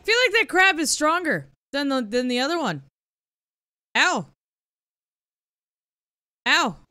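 A woman streamer gives live commentary on a video game she's playing, talking slowly. She's excitable and swears, dropping to low mutters before bursting into loud cheers.

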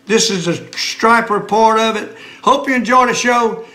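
A man's voice: high voice, a little slow, pushed and bright. An older man, talking in a folksy, chatty way as he hosts a casual fishing vlog outdoors by a lake. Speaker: fishing vlogger.

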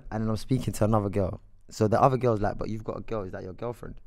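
Brief: boastful London man, quick-talking guest, dry close sound. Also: fairly low pitch, steady tone, darkish tone, no echo. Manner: brash, boastful, blunt. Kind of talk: casual chat.

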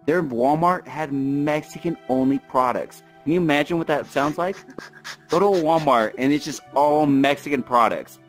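A young man from Washington state tells crude, animated comic stories in a voice chat and acts out his family in exaggerated voices. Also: fairly high pitch, moderate pace, faint music behind, poor audio. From Washington state, USA. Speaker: storyteller. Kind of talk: profane comic storytelling in a voice chat.

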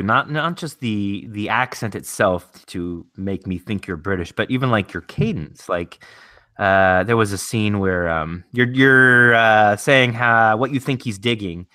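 A man's voice: fairly low pitch, animated, a little slow, pushed and bright, dry recording, clean studio sound. A man from the United States hosting a podcast, enthusiastic, joking and full of praise in a casual interview. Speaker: podcast host.

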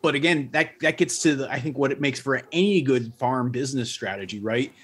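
A man's voice: medium pitch, fairly quick, slightly rough. A man speaking as a guest in a casual panel discussion, explaining his costs thoughtfully with frequent restarts. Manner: thoughtful, restarts often, business-minded. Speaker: guest defending ducks.

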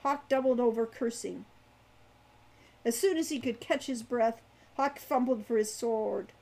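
Woman author, live novel reading, slightly high voice, animated narrator. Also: unhurried.

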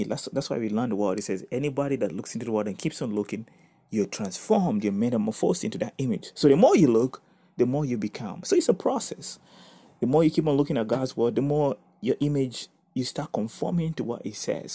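Male preacher, casual devotional teaching, low-pitched, warm and mellow, earnest with emphatic bursts. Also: vocal fry. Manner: earnest, animated bursts of emphasis, reads scripture aloud.

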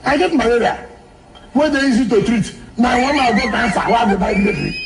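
Nigerian man, high voice, jokey, laughing, echoey room, distant mic. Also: quick pace, background noise. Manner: joking, laughing while he talks. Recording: roomy, distant clip.

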